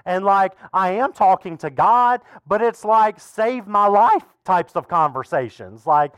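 Man, pastor, conversational sermon, fairly high voice, dry recording. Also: animated, a little slow, hardly any pauses, fairly bright tone, smooth, no room sound. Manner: casual, conversational preaching with asides. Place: church.

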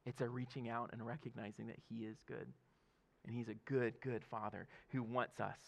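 A man's voice: mid-range voice, little pitch movement, moderate pace, gravelly. A man in his thirties, a pastor, giving a conversational sermon with laughs and frequent "okay?" check-ins to the congregation.

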